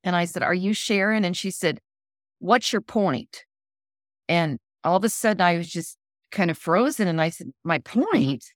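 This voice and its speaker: A woman's voice: on the low side, fairly quick, no echo, clean studio sound. A middle-aged woman telling a personal story as a guest author in an interview, acting out the lines of the people in it. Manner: animated storyteller acting out quoted lines, laughs.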